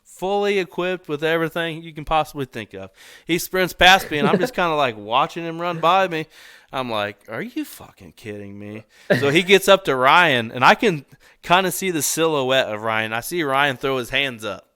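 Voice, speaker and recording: Bright, crisp-voiced man telling a hunting story. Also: on the high side, normal speed, no echo, studio quality. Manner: animated storyteller, laughs often, swears casually. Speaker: podcast guest, bowhunter. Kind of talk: casual storytelling in a podcast interview.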